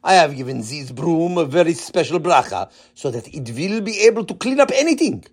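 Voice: mid-range voice, very animated, brisk, slightly rough. A storyteller voicing a cheerful Israeli-accented man who is confident he can fix anything. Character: cheerful male Israeli wonder-worker.

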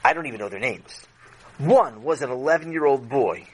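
A man's voice: mid-range voice, moderate pace, slightly rough, rough recording. A man playing an eager schoolboy. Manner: excitable, eager.

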